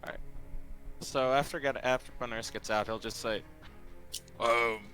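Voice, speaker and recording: A man's voice: mid-range voice, fairly even intonation, fairly quick, a bit bright, soft background music. A man playing a tabletop game, asking hesitant questions. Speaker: player.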